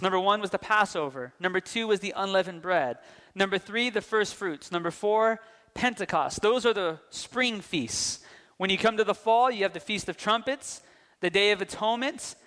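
A young man preaching a sermon, lively, asking the congregation questions and telling anecdotes. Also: high-pitched. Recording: long reverb of a large hall.

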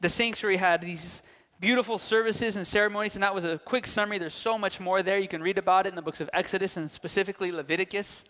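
A young man preaching a sermon, lively, asking the congregation questions and telling anecdotes. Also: sits high, quick pace. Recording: long reverb of a large hall.

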